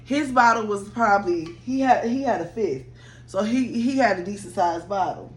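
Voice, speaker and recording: A woman in her mid-thirties telling a rambling personal story to her viewers, chatty and animated. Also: medium pitch, normal speed. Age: 30s.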